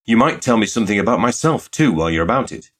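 A man's voice: fairly low pitch, very animated, fast, a bit bright, pitched above the performer's own voice. A man reading aloud and voicing a precise, dry-humoured young man proposing in a pastry shop. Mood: deadpan. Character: grave, whimsical red-haired young man.

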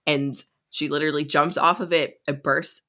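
A woman's voice: low voice, fairly even intonation, moderate pace, bright, forceful tone. A woman co-hosting a podcast, chatting casually as she recaps a novel's plot and acts out the characters' lines. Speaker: podcast co-host.

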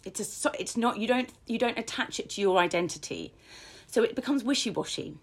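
Appearing as an interview guest, a woman with a husky, animated voice on the high side recounts her personal story frankly and self-deprecatingly. Her pace swings between slow and quick.

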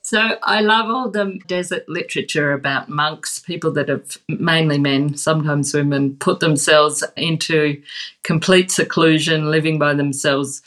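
A woman being interviewed tells stories in an animated way and laughs often. Her voice is bright and clear. She talks in a relaxed, conversational manner. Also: low voice, unhurried. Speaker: guest expert.

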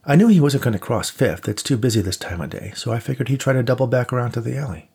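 A man voicing a chatty, quick-witted young woman in an audiobook, with a lilting, cheeky delivery. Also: mid-range voice, vocal fry, darkish tone, husky, voice pushed up. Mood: perky. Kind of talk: audiobook character voice.

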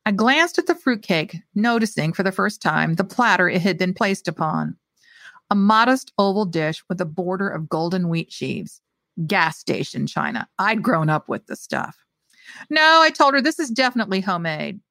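Author reading her own short story: woman, animated, very dry sound. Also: on the low side, moderate pace, gravelly, no room sound. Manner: lively, expressive delivery.

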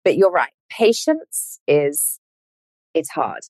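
A woman's voice: sits low, slow, no echo. A woman who works as a coach and author, giving encouraging, reflective advice in a casual podcast conversation. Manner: encouraging, reflective, animated in bursts.

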